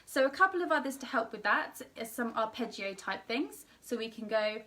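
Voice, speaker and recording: Brief: young female vocal coach, tired voice, bright tone, sits back from the mic. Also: a little high, animated, normal speed, far from the mic. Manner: demonstrates sung vowels between explanations. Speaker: singing teacher. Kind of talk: online singing lesson.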